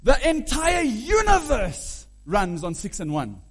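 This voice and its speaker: High-pitched lively preacher man. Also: slow, slightly rough. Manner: animated, hums and sings melodies aloud; asks the audience questions. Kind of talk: sermon.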